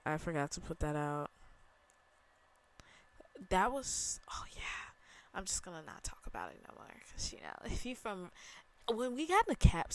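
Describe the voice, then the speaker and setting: A young woman from Chicago hosting a casual solo podcast from her bedroom, chatty and rambling, with slang and easy laughter. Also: fairly low pitch. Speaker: podcast host.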